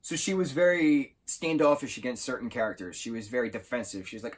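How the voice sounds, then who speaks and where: A man talks through a book review in a loose, enthusiastic ramble, catching and fixing his words as he goes. His voice sits at a middling pitch with a husky edge. It sounds like an informal chat rather than a script. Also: fast, few pauses. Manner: enthusiastic, rambling, with self-corrections. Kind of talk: casual spoken book review.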